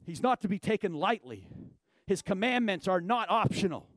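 A middle-aged male pastor delivers a sermon in a notably high voice. He preaches emphatically, sinking into low, quiet stretches before rising to loud shouting. The recording is dry, with no room echo. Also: very animated, normal speed.

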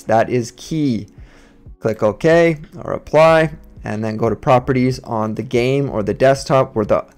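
A man who streams games, casually talking a viewer through software settings step by step on a USB desk microphone. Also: medium pitch. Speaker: gaming streamer. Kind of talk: software setup tutorial.

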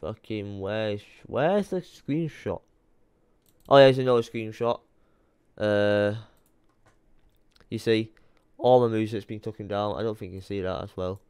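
A man's voice: on the low side, a little slow, long pauses, darkish tone, smooth, dry recording. A young man ranting to camera, rambling and swearing as he mutters to himself while searching his computer late at night, tired. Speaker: YouTuber. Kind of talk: frustrated rant to camera.

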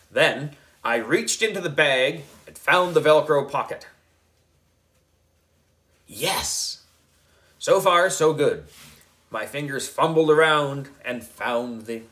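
A man reading a children's book aloud, narrating in an expressive, deliberate storytelling manner. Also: mid-range voice. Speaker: book club reader.

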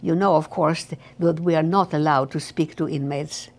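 An elderly woman voicing an earnest, anxious young male guard who speaks softly and apologetically. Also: low-pitched, fairly even intonation, moderate pace. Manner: soft, pleading, apologetic.

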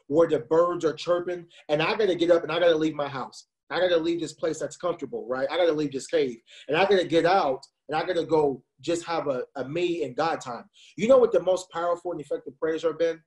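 A man's voice: fairly high pitch, darkish tone. A man in his twenties preaching with passion to young people over a video call, often saying "listen to me". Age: 20s. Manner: impassioned, repeats "listen to me". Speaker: youth speaker.

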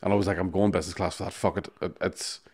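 A low-pitched man chats casually as a podcast co-host. He tells stories in a sweary, joking way and breaks into laughs often. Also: steady tone, racing, darkish tone, breathy edge. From Northern Ireland. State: jet lagged. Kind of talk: casual chat.

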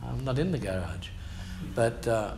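A man's voice: mid-range voice, animated, unhurried, vocal fry, echoey room, background noise. An older man with an Australian accent, preaching a sermon as a pastor and telling his testimony in a colloquial, slangy, emphatic way. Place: church.

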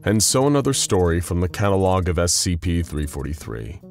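A man narrating a dark story in a measured, dramatic storytelling voice. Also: low-pitched, sing-song, faint music behind.

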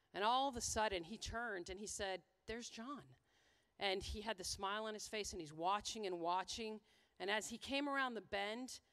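A woman's voice: mid-range voice, fairly bright tone. Earnest American woman giving a conference talk. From USA. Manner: earnest, heartfelt storytelling with quoted dialogue. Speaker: conference speaker. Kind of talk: conference presentation with storytelling.

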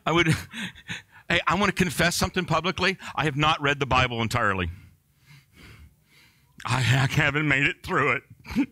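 Bright-voiced joking male pastor. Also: a little high, no echo. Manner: joking, self-mocking, conversational preaching. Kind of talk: sermon.

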